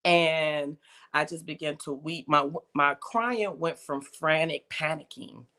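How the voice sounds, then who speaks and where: A woman's voice: sits low, a little slow, sharp tone. A woman telling her personal faith testimony in a casual conversation, emotional and storytelling, acting out quoted voices. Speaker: guest.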